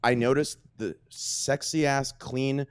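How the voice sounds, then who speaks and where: A man's voice: medium pitch, steady tone, slow, smooth. A man in casual group banter on a podcast, emphatic and repeating himself. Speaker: podcast guest.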